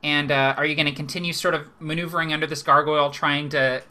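A man's voice: a little high, flat delivery, fast talker, bright, forceful tone. A man narrating a live tabletop game as game master, chatty and laughing often, with lots of fillers.

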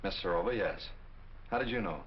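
A young actor playing a headstrong, defiant son, in 1940s film acting. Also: male voice, deep voice, lively intonation, a little hiss or hum. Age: young adult. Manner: defiant, quick, emphatic. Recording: dull old film soundtrack.

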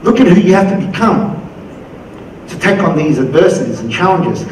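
A man's voice: high-pitched, normal speed, recorded from a distance, a little hiss or hum. Australian man keynoting in echoey hall. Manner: energetic, acts out quoted voices. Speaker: conference keynote speaker. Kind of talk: motivational conference talk. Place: conference hall.

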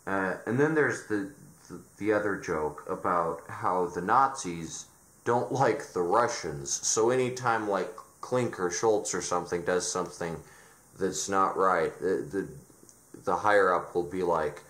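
Sarcastic male reviewer, low-pitched, exasperated rant, roomy echo. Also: animated, slow, a bit bright. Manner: exasperated, sarcastic, frequent restarts. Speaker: video reviewer. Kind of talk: ranting commentary.

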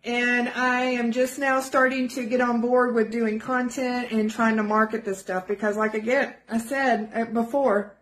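A woman's voice: a little high, level tone, unhurried, a bit bright. A woman giving an earnest, pleading personal testimonial, emotional and close to tears at times, repeating herself for emphasis. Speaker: product affiliate giving a testimonial.

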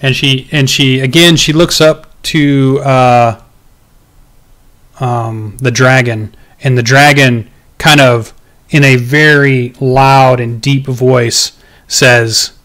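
A man's voice: medium pitch, fairly even intonation, slow, a bit bright. Hesitant male game master. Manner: hesitant, many ums and restarts. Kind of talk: narrating a tabletop game.

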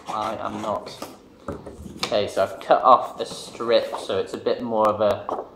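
A man speaks unhurriedly while he shows children a craft, relaxed and self-deprecating. The room is echoey, with faint noise behind him. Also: fairly low pitch. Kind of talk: casual craft demonstration.

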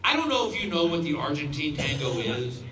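A man in his fifties telling a stand-up story on stage, animated and acting out voices as he laughs along. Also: fairly high pitch, brisk, soft background music. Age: 50s. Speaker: stand-up comedian. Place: outdoor stadium show. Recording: echoey stadium sound from far off. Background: crowd laughter and ambience.

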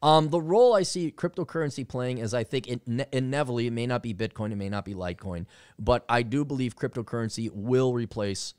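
A man's voice: mid-range voice, a little fast, clear, resonant tone, no room sound. A man chatting in a studio, telling stories with lots of laughter and putting on voices. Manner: animated storyteller, mimics voices, laughs a lot. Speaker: guest. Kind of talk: casual studio chat. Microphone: studio mic.

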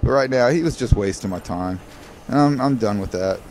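A man narrating his own gameplay in a loose, rambling way, grumbling about the game and wandering into tangents. His voice sits at an ordinary middle pitch, and he keeps addressing his viewers directly. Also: fairly quick, a little mellow, slight background noise. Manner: digressive, grumbling, talks to viewers. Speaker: gaming video creator.

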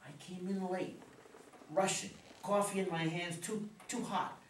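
A man reading the part of a gentle middle-aged father in a reader's theater play, with a soothing, reassuring way of talking. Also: high voice, fairly even intonation, a little slow. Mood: consoling. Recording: echoey room, mic far off, some hiss.

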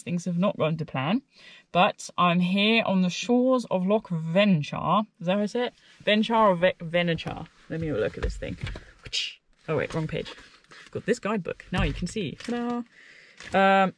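A woman's voice: lowish voice, no echo. Chatty woman vlogging outdoors. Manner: chatty, self-mocking, giggly. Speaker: hiking vlogger. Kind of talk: casual vlog to camera. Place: outdoors by a lake.

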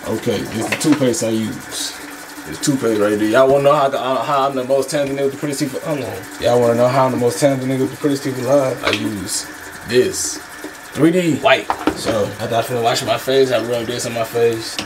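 A young man vlogging his morning routine in a casual, slangy and rambling way, his voice husky and groggy from just waking up. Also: medium pitch, noisy background. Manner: slangy and rambling, self-correcting. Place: home bathroom. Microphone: camera on a tripod.

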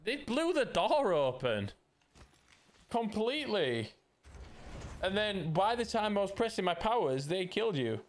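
A man's voice: high voice, big pitch swings, unhurried, long pauses, a little hiss or hum. A man with a Yorkshire accent chatting casually while playing a video game, joking and stumbling over restarts. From Yorkshire, England. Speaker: streamer. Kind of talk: casual gaming chat.

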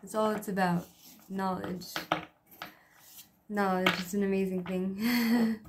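A woman's voice: mid-range voice, steady tone, slow pace, background noise. A woman chatting casually to camera in her small home, peppering her talk with "you know" and light laughs. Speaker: vlogger. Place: small one-room home.

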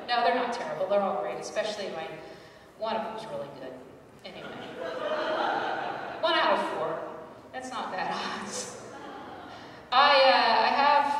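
Woman comic, forties, deadpan self-mockery, loud asides; live stage sound from a distance. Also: mid-range voice, slight background noise. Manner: wry, self-deprecating storytelling with loud acted asides. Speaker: stand-up comedian. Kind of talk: stand-up comedy set. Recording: echoey hall, mic heard from afar.

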